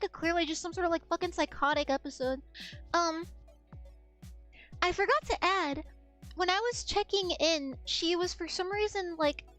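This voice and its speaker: A woman streamer telling a long, rambling anecdote in casual chat, swearing freely and acting out what others said. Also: extremely high pitch. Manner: rambling, animated anecdote with swearing and acted-out quotes.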